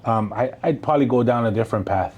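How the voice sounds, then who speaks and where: A man's voice: mid-range voice, fast talker, muffled recording. A man, telling stories casually as a guest, rambling, swearing and slipping in Spanish words. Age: 40s. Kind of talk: casual conversational storytelling.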